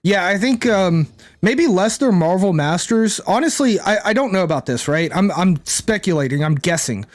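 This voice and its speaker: A man's voice: high-pitched, lively intonation, moderate pace, hardly any pauses. A man streaming a card game, rambling and thinking aloud to his chat, swearing casually. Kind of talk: casual gameplay commentary to chat.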